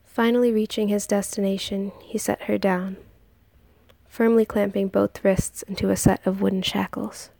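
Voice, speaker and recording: A woman narrating a story in a soft, hushed, partly whispered reading. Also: medium pitch, vocal fry, no echo.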